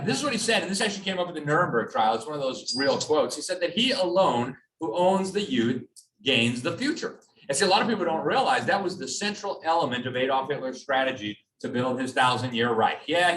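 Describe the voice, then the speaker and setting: A man's voice: mid-range voice, a bit bright, a little hiss or hum. A man giving a public talk with slides to a live audience, emphatic and sarcastic in tone. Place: hall with an audience. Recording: echoey hall, from a distance.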